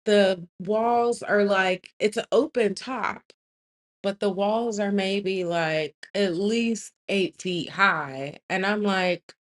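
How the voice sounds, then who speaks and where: A young adult woman tells a story in a loud, lively voice at a middle pitch. She is animated and emphatic, and leans hard on the key moments. Her delivery is casual and direct, as if talking to friends. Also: slow. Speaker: host.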